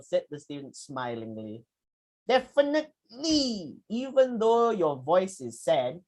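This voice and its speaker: A young man leads a public speaking workshop. He moves through his slides in a lively way, stopping to ask his listeners questions. He slips into short acted examples to make each point. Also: fairly high pitch, poor audio. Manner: lively, acts out quick examples, asks the audience questions. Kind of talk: lecture presentation with slides.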